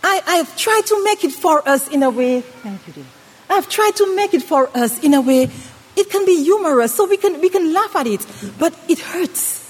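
A woman preaching a sermon with an acted-out story, dramatic, swinging between loud and hushed delivery. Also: very high voice, animated, normal speed. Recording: long reverb of a hall.

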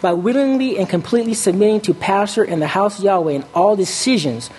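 Brief: preacher, mid-pitched, leans on "okay?" checks and fixes his slips as he goes. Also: quick pace, a little mellow, breathy edge. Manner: stops often to ask "okay?", corrects slips aloud. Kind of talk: sermon.

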